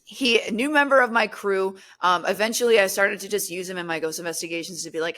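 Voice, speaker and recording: A young woman telling a story in casual podcast chat, animated, acting out quotes with lots of fillers. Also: mid-range voice, fast, few pauses. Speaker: guest, paranormal content creator.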